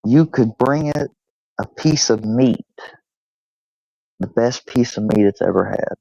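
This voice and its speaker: Talking to camera on his channel, this host shares dog stories in a laid-back, profane style, now and then switching to baby talk for the dog. He speaks slowly in a mid-range voice with vocal fry and a dark tone, and the recording is muffled with no room sound.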